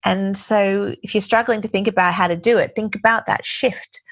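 A woman's voice: medium pitch, fairly even intonation, normal speed, muffled recording. A woman co-hosting a casual chat, agreeing and adding her own examples.

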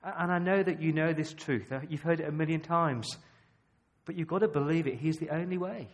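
An Australian man preaching a sermon, emphatic and full of rhetorical questions, with dramatic pauses. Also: fairly high pitch, dull audio.

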